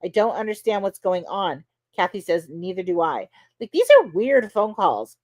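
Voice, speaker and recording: A woman's voice: fairly low pitch, sing-song, moderate pace, darkish tone, no echo. A woman hosting a podcast, casually recounting courtroom testimony in a conversational way, with lots of "you know" and "like.". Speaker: podcast host. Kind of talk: casual recap of trial testimony.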